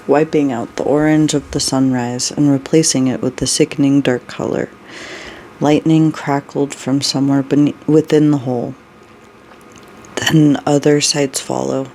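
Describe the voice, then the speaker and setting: A storyteller reading a dark story aloud, unhurried, with brief personal asides. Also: mid-range voice, gravelly, a little hiss or hum, poor audio.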